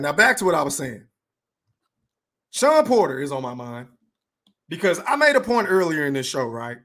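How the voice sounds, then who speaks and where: Man, podcast host, profane rant, high voice, big swings in pitch, aave. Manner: profane, animated, hypes donations with shout-outs.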